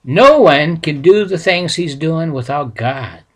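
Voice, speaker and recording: A man voicing a thoughtful council elder who speaks gravely and slowly. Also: a little high, lively intonation.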